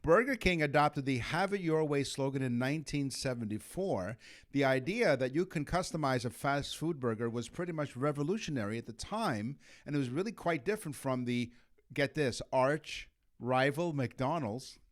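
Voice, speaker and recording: A man's voice: mid-range voice, lively intonation, a little fast. Punning man reading trivia. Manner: jokey, punning, reads facts aloud. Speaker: podcast co-host. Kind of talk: casual chat.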